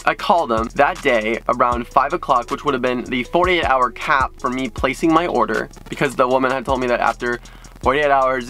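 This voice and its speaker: A man telling a frustrating story in a ranting vlog, excitable, his voice jumping up in pitch when he gets worked up. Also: low-quality recording. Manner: excitable, frustrated retelling with sudden jumps in pitch. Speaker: YouTube creator.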